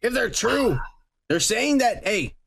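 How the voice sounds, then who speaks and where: A man's voice: very high-pitched, very animated, slow, creaky, fairly bright tone, husky. A man hosting a podcast in profane, blunt, joking casual chat. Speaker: podcast host.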